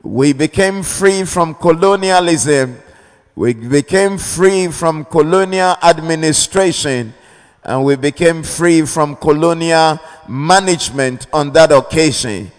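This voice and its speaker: A man from Ghana preaching a sermon, deliberate and repetitive, calling on the congregation for amens. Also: on the high side, clean tone. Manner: slow, deliberate, repeats key phrases, calls for amens. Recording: long reverb of a large hall.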